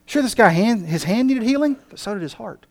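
A male pastor preaching a passionate sermon, moving between emphatic lines and quiet ones. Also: high voice, animated, brisk, dry recording.

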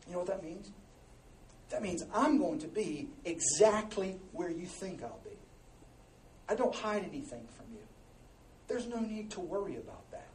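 Animated, high-voiced preaching man. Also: moderate pace, slight background noise. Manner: animated and conversational, jumping between hushed asides and loud exhortation. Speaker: pastor. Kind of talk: sermon. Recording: echoey room, distant mic, faint ambience.

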